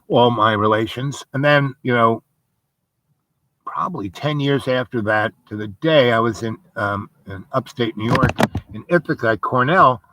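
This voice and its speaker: A man's voice: mid-range voice, noisy background. A man telling a rambling personal dream story, meandering through asides and many fillers.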